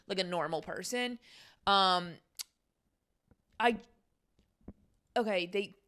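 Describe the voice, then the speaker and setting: A woman's voice: mid-range voice, fairly bright tone. A young adult woman hosting her own podcast, talking in a casual, exasperated rant full of fillers and sarcasm. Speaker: podcast host.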